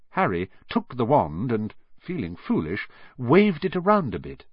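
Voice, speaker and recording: A man reads a storybook aloud as an audiobook, his pitch rising and falling in lively turns. His voice is slightly husky, and the recording sounds dry and a little muffled. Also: a little slow, few pauses, dry recording. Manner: expressive, animated storytelling. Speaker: narrator. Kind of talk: audiobook narration.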